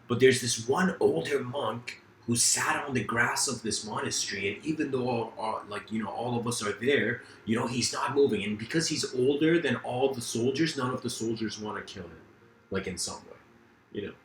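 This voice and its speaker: Laid-back male general, casual and quiet, as put on by a man; roomy sound, faint hum behind. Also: normal speed, lightly acted. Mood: relaxed. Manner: casual, mumbled, low-key.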